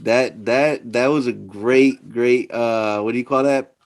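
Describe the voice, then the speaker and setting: A man co-hosting a podcast who talks in a relaxed way, with casual swearing and restarts. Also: mid-range voice, unhurried. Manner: relaxed, swears freely, repeats himself. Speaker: podcast co-host. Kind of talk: casual chat.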